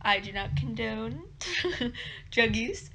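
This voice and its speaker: A woman's voice: fairly high pitch, fairly even intonation, slow, crowd noise. A young woman vlogger telling a casual story time in a rambling, giggly way, with lots of fillers.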